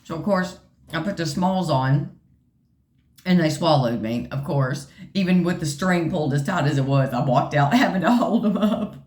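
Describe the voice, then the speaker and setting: A woman's voice: low-pitched, animated, moderate pace, darkish tone, reverberant. A woman vlogger casually telling a funny story to her viewers in a chatty, joking way, acting out quoted lines. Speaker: vlogger sharing her health journey.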